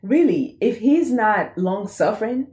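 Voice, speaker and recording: A woman's voice: mid-range voice, a little slow. Woman chatting about faith, roomy sound. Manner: animated, laughs often, acts out voices. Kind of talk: casual faith chat. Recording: roomy echo.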